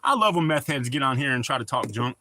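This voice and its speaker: A man's voice: mid-range voice, animated, quick pace, sharp tone. A middle-aged man hosting a casual livestream, chatting with viewers and greeting them by name. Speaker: livestream host.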